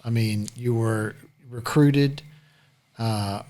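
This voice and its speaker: A man's voice: mid-range voice, drawn-out words. Man hosting a podcast interview. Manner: relaxed, affirming with short replies. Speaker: podcast host. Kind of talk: casual interview.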